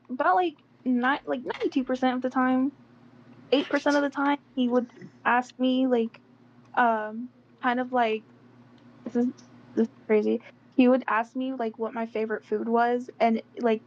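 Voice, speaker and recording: A young woman talks casually as an interview guest, her voice sitting a little higher than usual. She rambles with many fillers and slang words. The audio sounds dull and slightly lo-fi, with a faint hiss of noise. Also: level tone, moderate pace.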